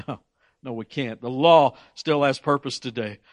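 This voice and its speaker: A man's voice: medium pitch, a little slow, no room sound. A man preaching a sermon, emphatic, often stumbling and repeating words as he presses his points.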